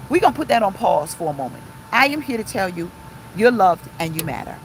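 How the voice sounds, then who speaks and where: A middle-aged woman pastor giving an impassioned, emphatic, repetitive live-streamed sermon from inside a car, pausing to read viewer comments. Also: mid-range voice, big pitch swings, slight background noise, poor audio.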